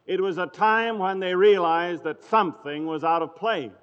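A man preaching a sermon with a high voice, telling a scripture story at a measured pace and quoting old-fashioned scripture phrasing. The sound is dull and lo-fi, with a long hall reverb behind him. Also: fairly bright tone, smooth.

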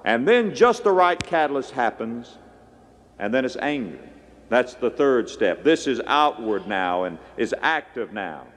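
A man's voice: medium pitch, big pitch swings, measured pace. Dramatic preaching man in an echoing hall. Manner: dramatic preaching with sudden swings between hushed and loud. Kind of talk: sermon. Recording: long echo of a large hall.

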